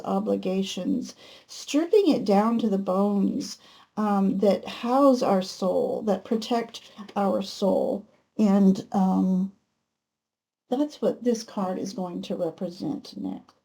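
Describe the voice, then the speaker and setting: Woman tarot reader with a mellow, fry-edged voice. Gentle, unhurried spiritual talk. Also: mid-range voice. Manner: gentle, unhurried, spiritual musing with many ums. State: emotional, close to tears at times. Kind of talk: pick-a-card tarot reading.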